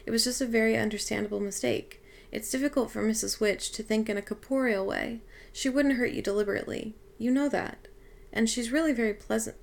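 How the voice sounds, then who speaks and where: Eccentric old otherworldly lady, voiced by a woman reader, gravelly, brisk, chatty, soothing, storybook. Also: fairly high pitch. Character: cheerful eccentric old female otherworldly being. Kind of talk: audiobook reading.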